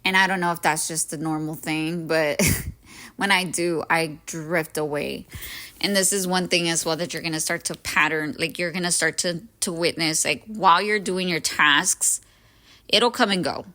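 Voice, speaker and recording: A woman's voice: sits low, steady tone, normal speed, bright, forceful tone. A woman in her thirties hosting a solo podcast, talking earnestly and emotionally about self-growth and encouraging her listeners. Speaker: podcast host. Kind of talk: reflective solo podcast talk.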